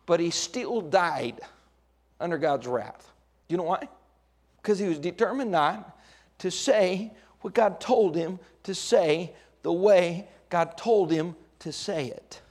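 A man's voice: sits high, takes it slowly, darkish tone. A middle-aged man preaching a sermon as pastor, with dramatic rises and acted-out quotes.

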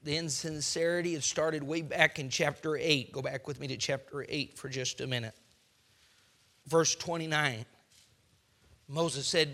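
A male preacher delivers a sermon with emphatic, pointed delivery. He keeps putting rhetorical questions to his listeners. His voice sits high and rings very bright and forceful. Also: measured pace.

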